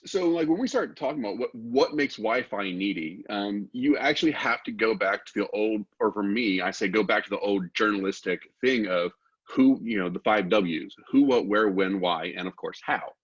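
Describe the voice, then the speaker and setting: Husky low-voiced man on a lo-fi mic. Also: normal speed. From Texas. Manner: relaxed, informal, rhetorical questions. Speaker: guest expert. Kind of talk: casual technical explanation.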